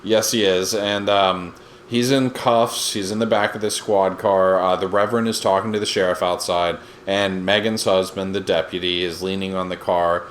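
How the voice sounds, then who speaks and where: A man's voice: low voice, fairly even intonation, moderate pace, slight background noise. A man co-hosting a podcast, recapping a TV episode in loose, rambling casual chat with lots of fillers. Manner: rambling, fillers, quotes scenes with put-on voices. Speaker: podcast co-host.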